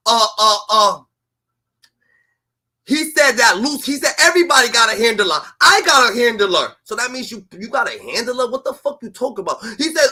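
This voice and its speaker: A man hosting a stream, rambling in casual street talk with lots of fillers and sudden loud outbursts. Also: extremely high pitch, a little fast. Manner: rambling, animated, filler-heavy, slips into loud impressions. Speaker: stream host.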